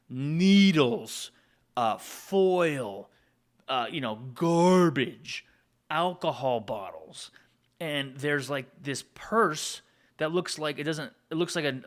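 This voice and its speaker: Guy rambling thru a story, lots of asides to the audience, mid pitch, super casual. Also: fairly bright tone. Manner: rambling, digressive, with asides to listeners. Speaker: music producer and channel host.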